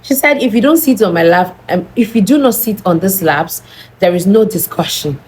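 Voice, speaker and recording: A young Nigerian woman with a Nigerian accent telling a storytime vlog, animated and acting out both sides of the dialogue. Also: medium pitch, normal speed, a little hiss or hum, poor audio. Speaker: vlogger.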